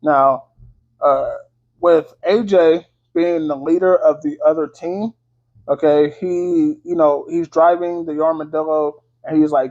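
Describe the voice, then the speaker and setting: Male vlogger, higher pitch, casual profane movie recap, filler-heavy, muffled lo-fi sound. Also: steady tone, unhurried, a little mellow. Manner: loose, slangy, full of fillers and swearing. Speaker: movie reviewer. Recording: dull lo-fi audio.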